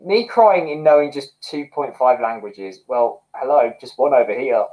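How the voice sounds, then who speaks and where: A man hosting a casual livestream, chatting excitedly with viewers and laughing often. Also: medium pitch, moderate pace, poor audio. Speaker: livestream host. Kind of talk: casual livestream chat reading comments.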